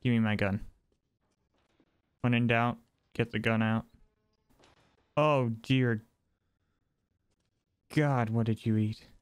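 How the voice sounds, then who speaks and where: A man's voice: mid-range voice, fairly even intonation, takes it slowly, long pauses, clear, resonant tone, dry recording. A man giving let's play commentary on a horror game, talking to himself, jumpy and wry as he explores. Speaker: gaming channel host.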